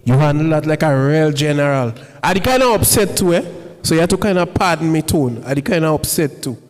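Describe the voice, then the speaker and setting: An actor playing an upset but forgiving bus driver. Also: male voice, fairly high pitch, animated, fairly quick, close to an everyday voice. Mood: grumbling. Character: aggrieved middle-aged bus driver. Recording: hall reverb.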